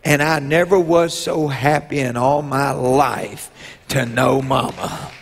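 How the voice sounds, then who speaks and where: A man, a bishop preaching a sermon as a personal story, telling it slowly with drawn-out pauses and rising to loud emotional peaks. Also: mid-range voice, fairly even intonation. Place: church sanctuary. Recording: long reverb in a church hall.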